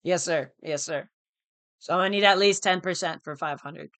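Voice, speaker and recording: A man from the United States talks through a live trading stream in loose, slangy chat, repeating phrases and calling listeners dude and bro. His voice is bright and smooth, and the sound is dry and close. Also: on the high side, moderate pace, no room sound. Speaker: live-stream day trader.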